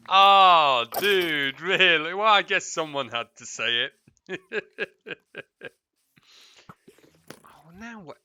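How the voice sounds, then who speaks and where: While streaming a game, this man chats casually, cursing freely at mobs and muttering asides to his viewers. His voice sits on the high side and is animated, pushed, and bright, with a clear, resonant tone. He talks very slowly and pauses often.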